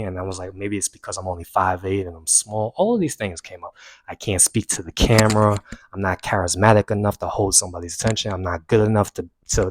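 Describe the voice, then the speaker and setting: A young man earnestly recounting a personal story to camera, rising with emphasis and dropping quiet when he reflects. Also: on the low side, dry recording. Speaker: self-help vlogger.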